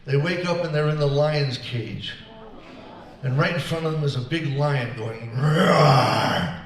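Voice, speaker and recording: Recorded from a distance in an echoing hall, a man with a higher-than-average voice talks at a normal speed. He's performing at a senior center concert, easily reeling off jokes between songs and imitating his characters.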